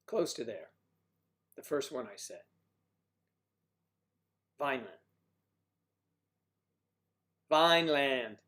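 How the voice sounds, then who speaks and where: A man hosting a livestream, chatting casually with viewers and joking about their names and hometowns, switching between loud bursts and quiet asides. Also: mid-range voice, expressive, slow pace. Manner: playful, jokey, riffing on viewers' names and places. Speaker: livestream host. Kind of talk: casual chat reading viewer comments.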